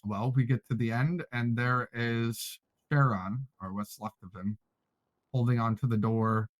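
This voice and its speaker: Casting: mid-pitched man, dry close sound, relaxed lore recap for fellow players. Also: no echo, rough recording. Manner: easygoing, measured recounting. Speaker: player recounting the story lore. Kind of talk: storytelling recap in a voice chat.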